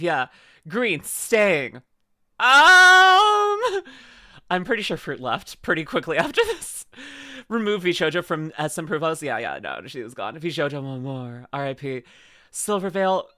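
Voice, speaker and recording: Bright-voiced, rambling playful streamer man. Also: fairly high pitch, big pitch swings, normal speed, no room sound, studio quality. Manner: rambling and playful, many fillers. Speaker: streamer reacting to a video. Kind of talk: casual live-stream chat.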